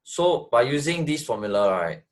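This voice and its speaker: A man's voice: mid-range voice, big pitch swings, normal speed. A man tutoring math, explaining step by step, repeating phrases and checking that his student follows. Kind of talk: online tutoring lesson.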